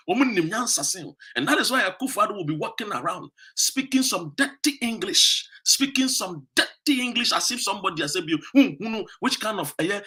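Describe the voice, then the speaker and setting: Ghanaian man, political commentator, fiery accusatory rant, slightly high voice, tense edge. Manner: switches between English and Twi, repeats "what you say?"; emphatic, lively and accusatory. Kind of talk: political monologue.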